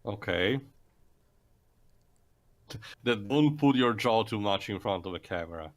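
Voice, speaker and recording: Lower-voiced dude snarking through a movie commentary with friends. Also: male voice, expressive, a little slow. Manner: wry, sarcastic quips. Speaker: commentary group member.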